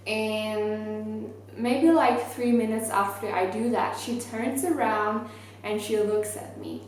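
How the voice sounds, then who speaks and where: A young woman who is not a native English speaker, telling a story to camera in an earnest, animated way with lots of "like". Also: mid-range voice. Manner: earnest, animated, many fillers like "like". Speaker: vlogger. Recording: very echoey space with faint ambient noise.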